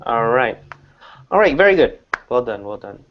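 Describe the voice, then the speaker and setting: A man's voice: mid-range voice, very animated, highs cut off, slight background noise. Patient male English teacher on a video call. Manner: patient, explains slowly with examples. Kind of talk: online English class.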